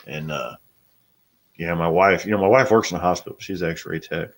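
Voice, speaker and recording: A middle-aged man with a very deep voice talks casually to his live audience. He is blunt and plain-spoken, and he swears freely as he chats. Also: moderate pace. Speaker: host. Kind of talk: casual live-stream chat.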